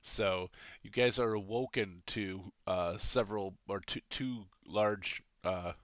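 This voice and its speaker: Bright-voiced male game master, dry sound. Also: lowish voice, takes it slowly, no room sound, highs cut off. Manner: laughing often, hesitant with many fillers. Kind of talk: narrating a tabletop game.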